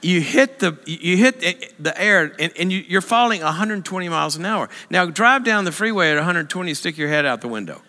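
A man tells a humorous story to a church audience in an animated, self-mocking way, jumping into other people's voices. His voice is bright and a little high for a man. The sound carries the long reverb of a large hall. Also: brisk, few pauses. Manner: animated, self-mocking, acts out voices with big pitch jumps. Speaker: speaker telling a story in a church.

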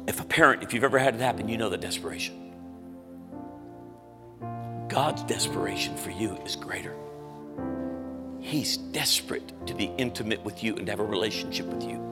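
A middle-aged male pastor preaching a sermon with intense conviction, pushing his voice hard at emotional peaks. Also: mid-range voice. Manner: intense, rising to shouts when telling a story. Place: church auditorium. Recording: live in a large reverberant hall with faint music.

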